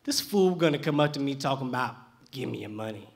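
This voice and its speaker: A man voicing a blunt, profane, streetwise older man who talks loud and emphatic, cursing freely. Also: medium pitch, animated, fast, vocal fry, voice pushed down. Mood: defiant.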